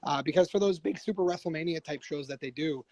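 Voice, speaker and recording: A man talking as a podcast guest, telling stories in a rambling, animated way, with frequent restarts and laughter. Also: a little high, quick pace, slight background noise, rough recording. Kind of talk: casual storytelling.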